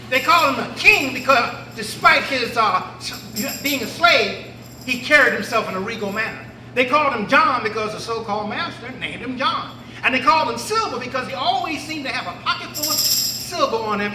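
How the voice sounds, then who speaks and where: A man's voice: extremely high pitch, animated, a little fast, sharp tone, soft background music. A man telling a folktale live as a griot storyteller, playful and getting the audience to join in, heard from a distance in an echoey event hall.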